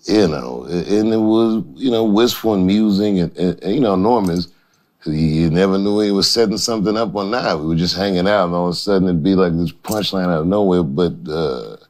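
A man, a comedian, remembering a friend in an interview, soft-spoken and halting, with many restarts. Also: sits low. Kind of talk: reminiscing in an interview.

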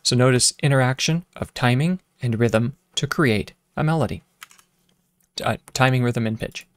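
Over background piano, a male teacher with a mid-range voice talks at a normal pace through a relaxed lecture with keyboard demonstrations. He hums and counts out rhythms, thinking aloud and restarting with plenty of fillers.

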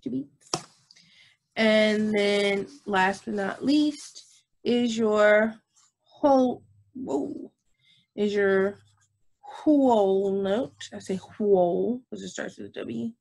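A woman's voice: medium pitch, fairly even intonation, creaky. A woman music teacher, talking young children through a recorded lesson and checking in with them often. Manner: slow, patient, repeats herself and checks with "okay?"; demonstrates whispering and shouting voices.

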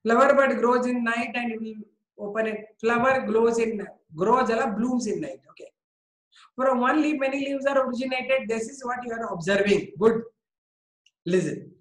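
A woman's voice: fairly high pitch, normal speed, reverberant, rough recording. A woman with an Indian English accent teaching a biology class, coaxing students and praising them by name.

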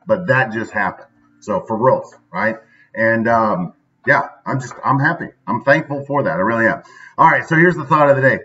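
A man's voice: mid-range voice, moderate pace, pushed and bright, dull audio. A man talking casually in a daily video monologue, chatty and often adding "right?" at the end of his sentences. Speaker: vlogger.

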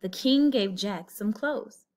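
A woman reading a children's picture book aloud, with an expressive story-telling lilt. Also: mid-range voice, slow pace. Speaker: storybook reader.

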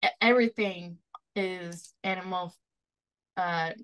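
A woman's voice: fairly low pitch, steady tone, a bit bright, clear, resonant tone. A woman co-hosting a podcast in casual chat, reading statements aloud and laughing along. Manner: reads statements aloud, quick laughs, agreeable. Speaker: podcast co-host.

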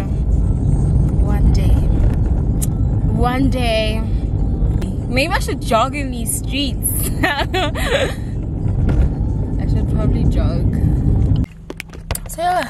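A young woman in her twenties from South Africa, rambling emotionally in a casual vlog while walking home outdoors on a city street, phone held at arm's length. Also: medium pitch. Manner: chatty and emotional, rambling with many fillers. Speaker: vlogger. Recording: loud street traffic noise. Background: loud passing traffic.

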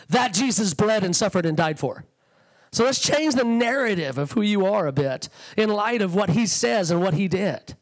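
A male guest preacher with a strikingly high voice delivers a fervent, conversational sermon. His pitch swings widely as he acts out quoted thoughts. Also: expressive, normal speed, rough recording. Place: church sanctuary.

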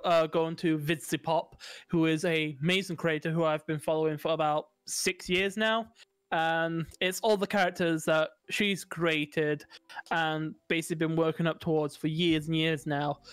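High-voiced man chatting animatedly. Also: smooth, dry recording. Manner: animated, swearing, self-mocking. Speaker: podcast co-host. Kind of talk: casual chat. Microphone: studio mic.

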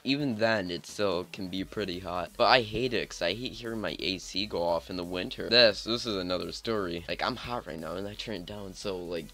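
A man's voice: sits low, a little fast, few pauses, bright, forceful tone. A man giving casual, rambling commentary over his own gameplay, talking in a chatty way and saying "like" a lot. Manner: rambling, chatty, heavy use of filler "like". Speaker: gaming channel host.

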